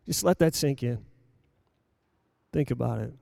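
A man preaching a sermon to a congregation, dropping to a hush and then rising loud, repeating rhetorical questions. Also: medium pitch, measured pace, vocal fry, no echo, clean studio sound. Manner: dramatic preaching, swings between hushed and loud.

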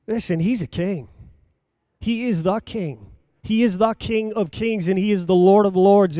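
A man with a high voice delivers a dramatic sermon. He swings from hushed, quiet passages to loud, urgent calls, firing repeated rhetorical questions at his listeners. The sound is dry and close, with no room echo. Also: unhurried, pauses often. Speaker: preacher.

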